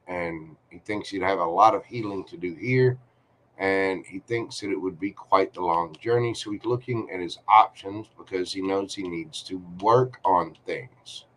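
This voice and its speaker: A man giving a live-streamed tarot reading, talking to the viewer in a chatty, reassuring way. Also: low-pitched. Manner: slow, chatty, reassuring, talks to viewer directly. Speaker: tarot reader.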